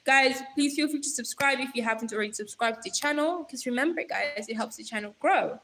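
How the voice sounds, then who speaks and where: A woman's voice: on the high side, fairly quick, noisy background. A young woman hosting a casual livestream on her phone, reading out viewer comments and talking straight to them in a chatty, giggly way. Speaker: livestream host.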